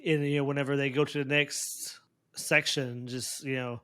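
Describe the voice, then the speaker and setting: A man's voice: mid-range voice, little pitch movement, normal speed, pushed and bright. Guy chatting about a tv episode, rambling, lots of restarts and laughs, regular middle voice. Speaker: co-host reviewing a TV episode. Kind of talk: casual chat.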